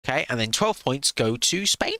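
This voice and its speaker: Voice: mid-range voice, sing-song, moderate pace, sharp tone, no echo. A streamer giving sarcastic live reaction commentary into a close desk mic, swearing freely.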